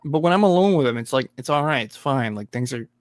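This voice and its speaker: A man's voice: medium pitch, animated, quick pace. A man in a casual podcast chat, talking bluntly with cocky cursing.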